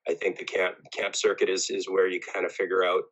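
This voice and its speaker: A man with a very deep, voice speaks in a steady, flat tone as a podcast guest. He is a football coach who talks earnestly and repeats words as he works out what to say. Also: a little fast, dull audio. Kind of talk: casual podcast interview.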